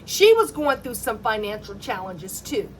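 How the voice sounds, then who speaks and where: A middle-aged woman telling a personal faith story as a mother, animated and acting out the dialogue in it. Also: mid-range voice, moderate pace, a little hiss or hum.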